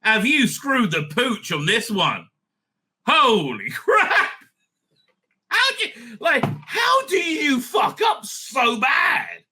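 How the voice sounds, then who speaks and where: Man hosting a live-stream review, rambling, swearing, laughing, high voice, very bright and sharp. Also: big pitch swings, slow pace, slight background noise. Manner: rambling, profane, laughing often. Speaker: rabbi and show host.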